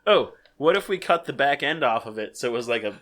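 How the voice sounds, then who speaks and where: A man playing a tabletop game, joking around and pitching silly plans. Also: animated, normal speed, a bit bright. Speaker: player. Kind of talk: casual tabletop banter.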